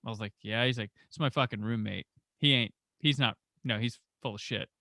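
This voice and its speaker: A man hosting a movie podcast, talking casually and acting out the people in his anecdotes. His voice is bright and forward, and it sounds dry and close, with little room around it. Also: medium pitch, a little fast, gravelly, no room sound. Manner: animated storyteller, acts out quoted voices. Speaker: podcast host.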